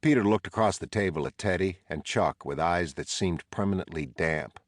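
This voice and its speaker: A man reading a novel aloud in a measured, low-key narration. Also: no room sound, studio quality. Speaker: audiobook narrator. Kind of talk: scripted narration.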